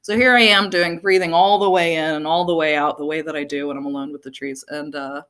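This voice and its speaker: A young woman tells a personal story from the stage, her voice sitting a little low. She is animated, laughs often and fills her talk with "like.". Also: brisk, clear, resonant tone. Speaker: speaker.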